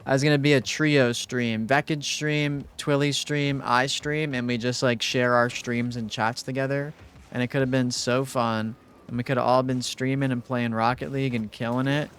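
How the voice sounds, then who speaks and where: A young man streaming live, chatting casually with his viewers in a relaxed, rambling way, full of fillers. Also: mid-range voice, normal speed, smooth. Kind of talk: casual livestream chat with viewers.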